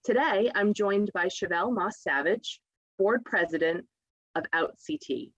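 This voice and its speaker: A woman's voice: medium pitch, animated, unhurried, no room sound, muffled recording. A woman hosting a local TV health program, upbeat and encouraging as she interviews her guest. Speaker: TV show host. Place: local TV studio.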